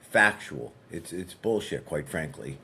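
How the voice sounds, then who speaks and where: A man, a podcast guest and fitness coach, telling a story in a relaxed, conversational way and acting out dialogue as he goes. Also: extremely low pitch, a little slow, husky. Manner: frequent fillers and restarts.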